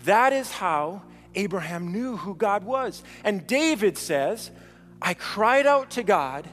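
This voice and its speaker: A man's voice: high voice, animated, big-room sound, over loud music. A man preaching a sermon, building emphasis through repeated phrases and dramatic quotations. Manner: slow, emphatic preaching with dramatic quotes and repetition. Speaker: pastor.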